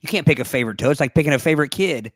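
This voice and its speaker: A man's voice: a little high, expressive, very fast, dry recording. A man co-hosting a podcast, joking around and riffing with silly logic in casual chat. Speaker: podcast co-host.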